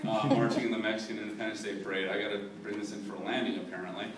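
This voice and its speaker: A male comedian on a club stage, talking in a rambling, self-mocking way full of "um" and "like". He is heard from a distance in a very echoey room, with a crowd laughing clearly behind him. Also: lowish voice, flat delivery, rapid-fire. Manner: rambling, self-deprecating, many fillers and restarts. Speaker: stand-up comedian. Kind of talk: stand-up comedy set.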